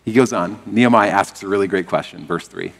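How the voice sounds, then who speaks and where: A man preaching a sermon as pastor, animated and leading the congregation in call and response. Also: low voice, fairly quick, vocal fry, long reverb tail.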